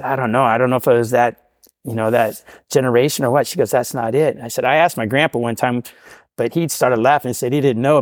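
Fast-talking man telling his story. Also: medium pitch, a little mellow, no room sound, studio quality. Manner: earnest, keeps saying "right?". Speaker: podcast guest. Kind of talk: personal storytelling.

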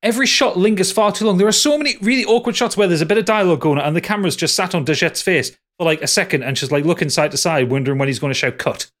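Speaking very fast with few pauses, this man has a high, fairly bright voice. He is a podcast co-host chatting casually about a bad film, cursing in exasperation and repeatedly starting over.

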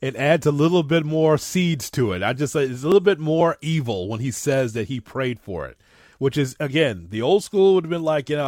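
A man's voice: on the high side, expressive, brisk, darkish tone, no room sound, studio quality. A man co-hosting a podcast, talking about wrestling with enthusiasm and rambling restarts. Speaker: podcast co-host. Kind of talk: casual wrestling talk.

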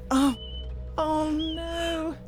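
A woman's voice: extremely high pitch, steady tone, extremely slow, over music, exaggerated voice. A woman playing a blunt, teasing friend visiting a lighthouse in a radio drama. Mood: alarmed. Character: blunt, jumpy woman guest, adult.

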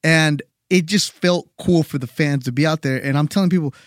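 A man's voice: a little high, fairly quick, dry recording, clean studio sound. A man hosting a sports podcast, opening with upbeat hype, then asking conversational questions. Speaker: podcast host.

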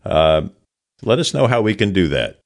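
A man's voice: sits low, sing-song, normal speed. A man co-hosting a podcast, speaking earnestly and at length to thank the guest. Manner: warm, earnest, long-winded thanks. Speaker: podcast co-host. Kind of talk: casual podcast chat.

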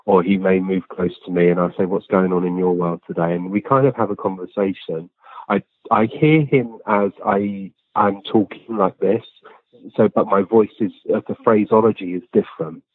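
Guy with a real low voice, earnest, lots of ums, sounds like a phone call. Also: normal speed. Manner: plain, earnest, many ums and restarts. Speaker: guest, physical medium. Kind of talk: relaxed conversational storytelling. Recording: tinny phone-line sound, dry.

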